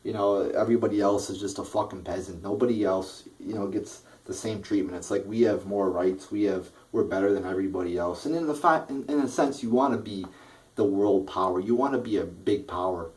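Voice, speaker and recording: A man's voice: fairly low pitch, brisk, darkish tone, distant mic, rough recording. A man in an angry, profane political rant, talking heatedly with stammering restarts. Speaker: political vlogger.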